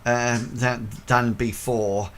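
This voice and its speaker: A man's voice: mid-range voice, steady tone, slow pace, a bit bright, slight background noise. A man running a tabletop game as game master, narrating with frequent hesitations and fillers.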